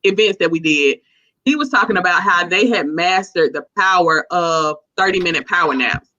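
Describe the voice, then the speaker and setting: A woman's voice: lowish voice, moderate pace. Chatty woman on a dull lo-fi line. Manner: chatty, slangy, animated storytelling. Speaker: guest entrepreneur. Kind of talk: casual chat. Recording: dull lo-fi sound.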